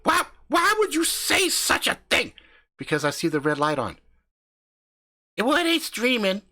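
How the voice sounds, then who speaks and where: A man voicing a brash, boastful, foul-mouthed husband who talks loud and swaggering, swearing all the time, in an improvised comic story. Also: very high voice, huge pitch swings, unhurried, pitched above the performer's own voice, heavily acted.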